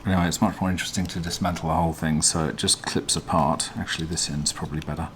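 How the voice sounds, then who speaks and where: A man hosting a casual teardown demonstration, talking in a relaxed, hesitant way with frequent ums as he explains. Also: extremely low pitch, fast, slight background noise. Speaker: vlog host.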